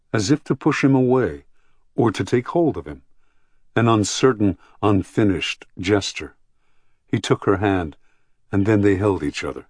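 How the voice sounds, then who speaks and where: A man narrating an audiobook in a measured, even storytelling manner, close to the mic. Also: low voice, breathy edge, no echo.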